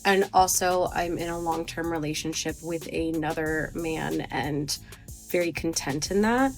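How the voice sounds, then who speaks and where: A woman's voice: low voice, measured pace, soft background music. A woman in her thirties talking in a rambling, hesitant, emotional confessional vlog. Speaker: vlogger.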